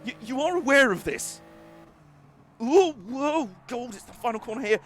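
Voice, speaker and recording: Brief: man, racing game streamer, high voice, excitable, laughs a lot, crude jokes. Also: fast, a little hiss or hum. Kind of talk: live racing gameplay commentary.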